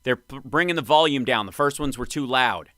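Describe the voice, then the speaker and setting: A man hosting a live stream, reacting to clips with wry, excitable commentary. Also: mid-range voice, fairly quick, background noise. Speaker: host.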